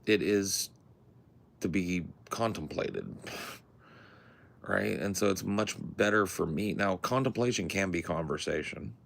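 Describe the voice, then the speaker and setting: Casting: very low, gravelly male podcast co-host; loose, swearing, rambling chat with faint hiss behind. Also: measured pace, a bit bright. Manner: laid-back, profane, rambling. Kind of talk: casual chat. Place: home in the woods at night.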